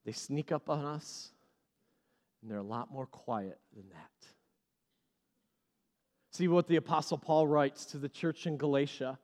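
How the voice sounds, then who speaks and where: A male pastor preaching a sermon, animated and repeating key phrases for emphasis. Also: fairly high pitch, measured pace, pauses often, long reverb tail.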